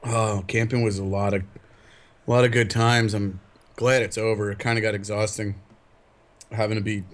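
A man co-hosting a podcast who tells rowdy stories in a loud, giggly, casual chat. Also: lowish voice, flat delivery, moderate pace. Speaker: podcast co-host.

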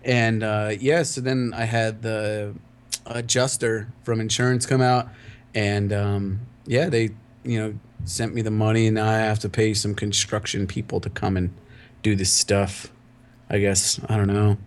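A man's voice: lowish voice, little pitch movement, unhurried. A man co-hosting a podcast in casual chat, rambling with lots of fillers and laughing often. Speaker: podcast co-host.

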